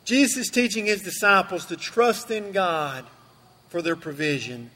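High bright-voiced preacher in a reverberant church. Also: male voice, normal speed. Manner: emphatic, repeats phrases for effect. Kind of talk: sermon. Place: church sanctuary. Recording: long reverb from a church hall.

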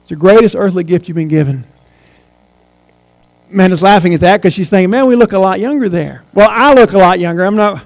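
Male pastor in his 40s preaching, high voice, keeps repeating his points, bit of mains hum. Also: a little fast, in a large hall, low-quality recording. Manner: earnest, emphatic, repeats key phrases. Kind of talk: sermon. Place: church sanctuary.

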